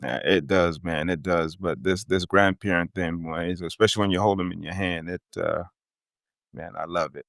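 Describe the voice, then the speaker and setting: A man's voice: deep voice, fairly even intonation, moderate pace, vocal fry, a bit bright, dry recording, clean studio sound. Easygoing man with a light Jamaican accent. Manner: easygoing, laughs often. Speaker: guest. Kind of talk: casual interview chat.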